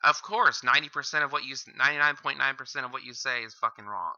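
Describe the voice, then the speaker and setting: A man's voice: mid-range voice, fast talker, bright, forceful tone, a little hiss or hum. A man hosting a reaction commentary, heckling and insulting the video with constant swearing. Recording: dull lo-fi mic.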